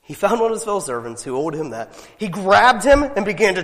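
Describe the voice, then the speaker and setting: Animated preaching man in reverberant hall. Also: high voice, normal speed. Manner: animated, emphatic preaching with rhetorical questions. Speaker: pastor. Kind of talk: sermon.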